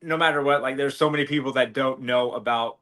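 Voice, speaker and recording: A man's voice: medium pitch, steady tone, quick pace, a bit bright. A man co-hosting a podcast in casual chat, rambling with lots of fillers and restarts. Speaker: podcast co-host.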